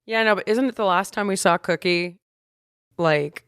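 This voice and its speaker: A woman's voice: medium pitch, normal speed, fairly bright tone, clear, resonant tone, no echo, studio quality. A woman co-hosting a podcast in casual chat, recapping animatedly and swearing freely. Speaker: podcast co-host.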